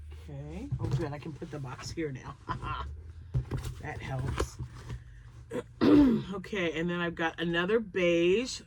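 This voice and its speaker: A woman hosting a crochet channel, chatting casually and thinking aloud as she excitedly unboxes yarn. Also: on the low side, a little hiss or hum.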